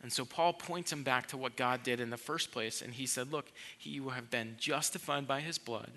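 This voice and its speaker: A man's voice: medium pitch, moderate pace, bright, forceful tone. A man preaching a sermon to a church congregation, speaking earnestly and with emphasis, often repeating words as he restarts a thought. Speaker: pastor.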